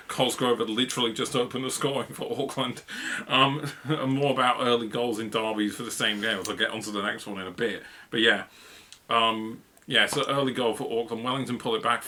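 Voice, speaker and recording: A man's voice: on the low side, pushed and bright, a little hiss or hum. A man co-hosting a football review podcast, chatting casually and rambling with lots of fillers and laughs. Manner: rambling, filler-heavy, laughs mid-sentence.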